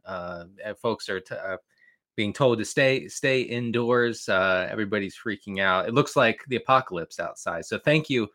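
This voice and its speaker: A man joins a podcast as a fantasy football analyst, talking excitedly and jokingly with frequent stammered restarts. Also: lowish voice, moderate pace. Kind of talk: casual chat.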